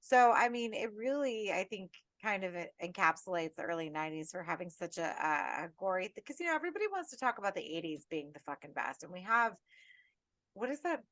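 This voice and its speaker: A woman co-hosting a casual horror podcast, ranting with lots of swearing in an animated, tipsy way. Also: medium pitch, fairly quick, no echo. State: tipsy and tired. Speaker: podcast co-host.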